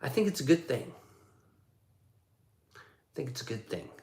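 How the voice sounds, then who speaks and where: A man's voice: mid-range voice, very animated, moderate pace, a little mellow. Joking, profane man in a roomy space. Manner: loose, joking, profane, reads chat aloud. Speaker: livestream host reading chat. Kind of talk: casual livestream chat. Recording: roomy echoey sound.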